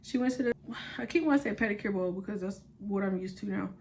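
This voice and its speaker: A young woman vlogger tells a story in an animated, blunt way with lots of swearing. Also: medium pitch, fast talker. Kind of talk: casual storytime vlog.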